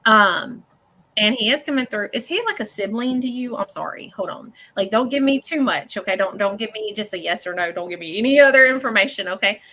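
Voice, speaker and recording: A woman working as a psychic medium, giving a live reading to a caller in a halting, earnest way. She uses many fillers, often checks in with "okay?", and speaks bluntly. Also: mid-range voice, lively intonation, bright, forceful tone.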